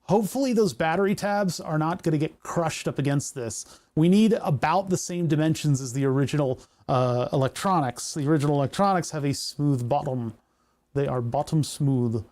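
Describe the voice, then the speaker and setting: Rambling, joking man, slightly high voice. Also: moderate pace, a little mellow. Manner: rambling, jokey, thinks aloud through technical steps. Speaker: live streamer building electronics. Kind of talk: casual live-stream chat while working.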